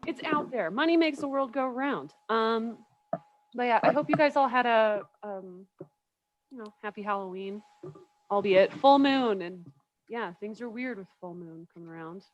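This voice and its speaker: A young woman does stand-up comedy over a video call, pitched a little high. She rambles and mocks herself, laughing at her own jokes, with a faint hiss of noise behind her. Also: expressive, normal speed, dull audio. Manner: rambling, self-mocking, laughs often.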